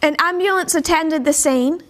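High-voiced woman giving a measured talk. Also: fairly bright tone, slight background noise. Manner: measured, slows down to stress points; poses rhetorical questions. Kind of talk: informal lecture.

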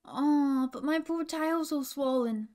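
A woman's voice: takes it slowly, darkish tone. A woman voicing a young male kangaroo, pleading and upset. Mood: relieved. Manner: high, anxious wailing.

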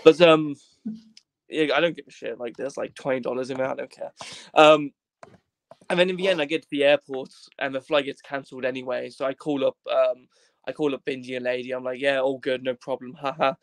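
A man's voice: medium pitch, fairly even intonation, fairly quick, no echo. A young man from Wales, a podcast guest telling a rambling, jokey story in casual chat, swearing freely and acting out the voices of the people in it. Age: young adult.

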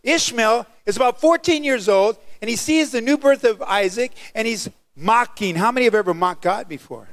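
A male pastor preaching a sermon, animated and calling out to the congregation for responses. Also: very high voice, normal speed, hardly any pauses, dry recording.

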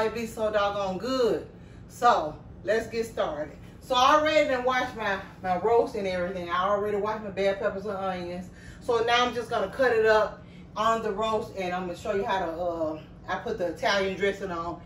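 A cooking vlogger with a medium-pitched, slightly bright voice chats casually with her viewers as she cooks in her home kitchen. She laughs easily and calls them "y'all," with a little hiss or hum in the background.

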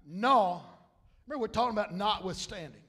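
Man, pastor, sermon, high pitched voice, swells to loud. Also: animated, fairly quick. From South Louisiana. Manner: preaching with loud rises and fillers like amen and hallelujah.

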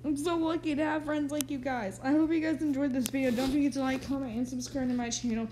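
A woman's voice: sits high, fairly even intonation, fast, mellow, slight background noise. A teenage girl gushing with thanks in a casual reaction vlog. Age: teenage, sixteen. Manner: gushing, effusive. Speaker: vlogger reacting to birthday videos.

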